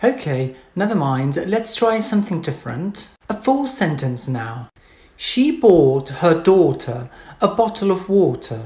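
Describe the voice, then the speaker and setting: An exasperated pronunciation coach in a low, mellow voice. She speaks slowly, with a lively rise and fall, and corrects her pupil sharply. Echo fills the room. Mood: impatient.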